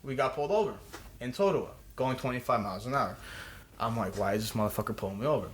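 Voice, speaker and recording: A man's voice: medium pitch, expressive, quick pace, a little hiss or hum. A man telling a rambling, profane story as a podcast guest, restarting his sentences often. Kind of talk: casual storytelling. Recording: roomy echo.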